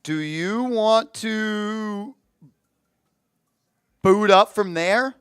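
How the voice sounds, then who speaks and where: A man streaming live fan play-by-play commentary, getting excitable and shouting on big plays while reading the chat aloud. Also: sits high, drawn-out words, clean tone, no room sound, studio quality.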